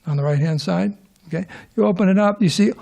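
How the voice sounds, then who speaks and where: A man's voice: high-pitched, fast talker, vocal fry, warm tone. A middle-aged man giving an informal scripture class to a live audience in a temple hall, rambling, restarting sentences and tossing questions to the listeners.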